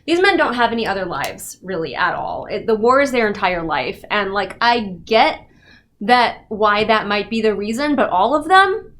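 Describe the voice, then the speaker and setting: A woman's voice: medium pitch, very animated, moderate pace, a bit bright. A woman giving a casual, sarcastic and exasperated book review rant.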